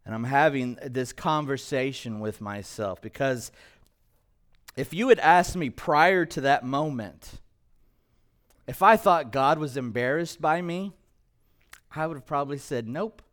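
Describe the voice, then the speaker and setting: A middle-aged male pastor telling a personal story in a sermon, emotional and halting at times. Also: medium pitch, fairly bright tone. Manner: emotional, personal testimony with pauses.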